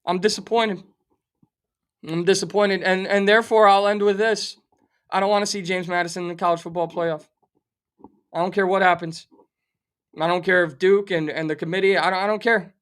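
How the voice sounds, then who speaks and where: A middle-aged man rants on a sports betting show, animated and sarcastic, playing up his outrage. His voice sits high for a man and sounds sharp and forceful. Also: a little fast, clean tone. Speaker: sports talk show host. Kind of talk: fired-up sports betting rant.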